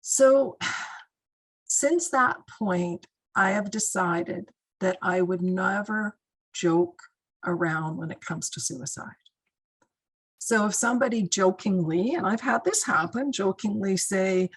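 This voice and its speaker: Woman, middle-aged, husky voice, mid pitch, conversational training talk, video call. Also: slow, rough recording. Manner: warm, conversational, with many fillers. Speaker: guest speaker, crisis intervention trainer.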